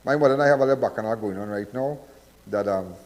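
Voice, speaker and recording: A man's voice: fairly low pitch, fast talker, in a large hall. A Trinidadian man hosting a live call-in crime show, talking in a rambling, repetitive, preachy way. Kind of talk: live call-in radio talk.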